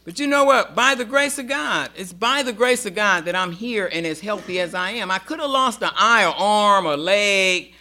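A middle-aged woman gives an emphatic personal testimony to a meeting. Her voice is sharp and forceful, very bright in tone, and she slips into the voices of people she quotes as she tells it. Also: mid-range voice, expressive, normal speed, few pauses. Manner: emphatic storyteller acting out quoted dialogue. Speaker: speaker sharing at a recovery meeting.

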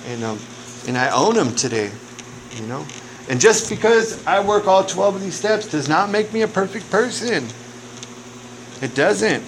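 A man giving a candid personal recovery testimony with casual profanity and lots of conversational asides. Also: on the high side. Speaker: recovery speaker. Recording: noisy recording. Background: noise.

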